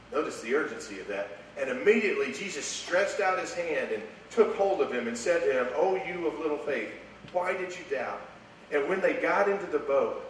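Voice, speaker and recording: Animated preacher in an echoey hall. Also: male voice, medium pitch. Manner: animated, repeats words, voice swings from hushed to raised. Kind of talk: sermon. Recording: echoey room, voice from far off, faint noise.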